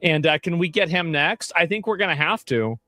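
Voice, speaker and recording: A man's voice: fairly high pitch, lively intonation, fairly quick, pushed and bright, no echo, soft background music. A man hosting a casual commentary stream, mocking and exasperated, swearing and restarting his sentences. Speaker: streamer host.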